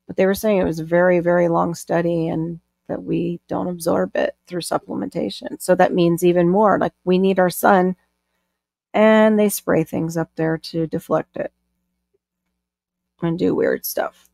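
A woman's voice: on the low side, steady tone, normal speed, creaky, a little mellow, no echo, clean studio sound. A woman co-hosting a casual live stream, chatting, reading out viewer comments and laughing often.

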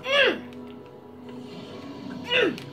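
A woman streamer giving excitable gameplay commentary, yelling at the enemies on screen. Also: very high-pitched, extremely slow, over music.

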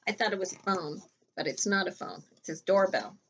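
A woman, a teacher reading a picture book aloud to children in a gentle, chatty way. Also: on the low side, animated, brisk, breathy edge, highs cut off.

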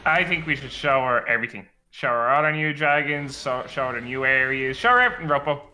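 A man's voice: medium pitch, lively intonation, sharp tone, rough recording. A man co-hosting a gaming video, teasing his friend in playful chat. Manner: teasing, quick talk. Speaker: co-host gamer.

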